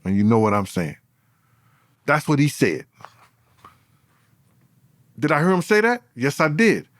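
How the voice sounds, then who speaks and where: A man, a former bodyguard, telling stories in an interview with animated, profane speech that swings between loud and low. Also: measured pace, dry recording. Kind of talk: storytelling in an interview.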